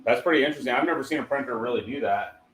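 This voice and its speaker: A man's voice: mid-range voice, racing, a bit bright, slight background noise, low-quality recording. A man chatting casually on a livestream, rambling and talking to viewers while a 3D printer runs. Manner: laid-back, rambling, talks to chat. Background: printer running.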